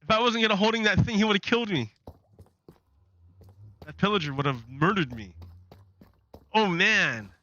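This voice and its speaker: A man's voice: high voice, animated, moderate pace, long pauses, bright, forceful tone, highs cut off. A man giving chatty, sarcastic commentary while playing a game, often restarting sentences. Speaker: gaming channel host.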